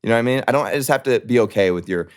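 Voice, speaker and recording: A man arguing emphatically in a heated casual debate, profane and animated, jumping up in pitch to mimic others. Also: racing. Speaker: guest.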